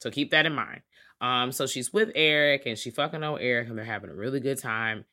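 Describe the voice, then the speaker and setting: Bright-voiced cohost going off about a tv show, loud pitch jumps, lots of swearing and slang. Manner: animated, swearing, acts out characters with big pitch jumps; slangy, fast casual talk. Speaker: podcast co-host. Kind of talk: casual chat recapping a TV series.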